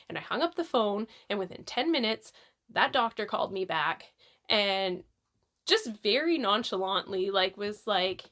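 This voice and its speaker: Woman, casual personal storytelling, animated, exasperated, stumbling restarts, mid pitch. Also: normal speed. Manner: animated, exasperated retelling with many restarts and fillers. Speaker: vlogger sharing a personal story.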